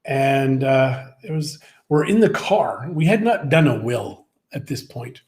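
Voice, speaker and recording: Unhurried and with lively intonation, a middle-aged livestream co-host rambles casually through stories, restarting often. His voice sits at medium pitch with a darkish tone.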